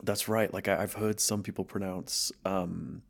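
Deep, laughing Canadian host. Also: male voice, steady tone, unhurried, vocal fry. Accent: Canadian English. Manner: rambling, self-mocking, bursts of loud laughter. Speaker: podcast host. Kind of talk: casual chat.

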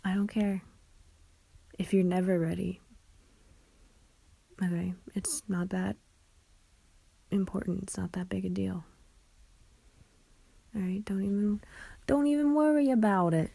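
A young woman in a whispered role-play, talking softly, tenderly and reassuringly, with frequent giggles. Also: mid-range voice, a little slow, creaky, long pauses, slightly rough, no room sound, poor audio. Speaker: ASMR performer.

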